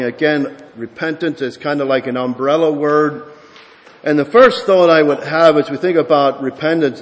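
A man's voice: on the high side, slight background noise. Man preaching in a reverberant church. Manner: storytelling with many restarts, building to emphatic preaching. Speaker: pastor. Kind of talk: sermon. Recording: long hall reverb.

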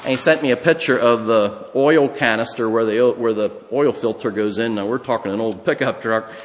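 A man's voice: medium pitch, fairly quick, long reverb tail. A man preaching a sermon, moving from a folksy, conversational personal story into a teaching on scripture. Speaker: pastor.

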